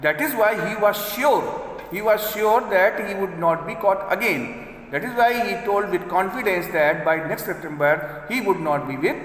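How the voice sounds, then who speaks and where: A man's voice: sits high, moderate pace, a bit bright. A male English teacher explaining a story line by line to his students, rephrasing each sentence and checking that they follow. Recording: echoey room with long reverb.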